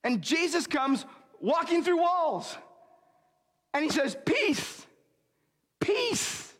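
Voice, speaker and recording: A man preaching a sermon as pastor, earnest and emphatic, slowing down on key lines and speeding through asides. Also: very high-pitched, lively intonation, fairly bright tone, big-room sound.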